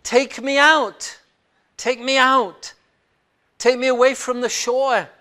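Preacher doing a calm instructing teacher. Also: sits high, takes it slowly, pitched above the performer's own voice, heavily acted. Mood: urging.

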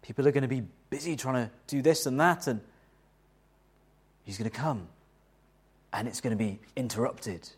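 A middle-aged man preaching a sermon in an animated, conversational way, asking the listeners rhetorical questions. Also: mid-range voice, moderate pace, long pauses, slightly rough. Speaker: pastor.

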